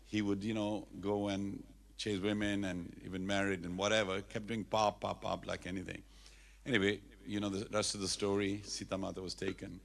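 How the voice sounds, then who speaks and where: A man's voice: fairly low pitch, normal speed, gravelly. A man speaking at a temple festival, telling a sacred story with animation and leading chants. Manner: animated storyteller, leads call-and-response chants.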